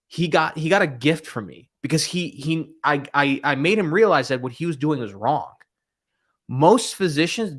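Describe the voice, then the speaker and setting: Male sales coach for a live stream: blunt and emphatic, pushes hard, with a voice sitting a bit high. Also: a bit bright. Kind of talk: motivational live-stream talk. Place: room with bookshelves behind him.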